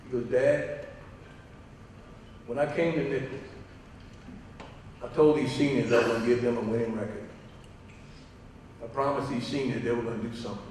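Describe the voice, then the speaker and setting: A man's voice: mid-range voice, moderate pace, pauses often, slight background noise. A middle-aged man, a father telling stories in an induction speech, acting out quotes with laughing asides. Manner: animated storyteller, acts out quotes, laughing asides. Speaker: father giving a hall of fame induction speech. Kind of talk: storytelling speech at a banquet. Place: large hall. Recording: echoey hall from far off.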